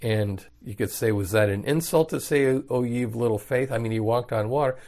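A man's voice: medium pitch, a little fast, a little mellow. A man teaching the Bible verse by verse in a casual, conversational way, reading passages and explaining them in everyday words.

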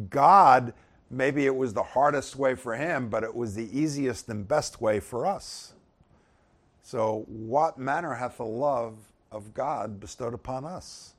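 A man teaching from the Bible in a relaxed, conversational way, at a mid-range pitch. He stays easygoing between the verses and grows emphatic whenever he reads Scripture aloud. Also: a little slow.

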